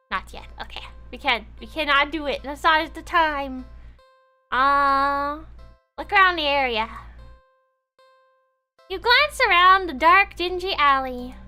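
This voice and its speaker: A woman's voice: high voice, sharp tone. A woman streamer reading game text aloud with dramatic, playful commentary.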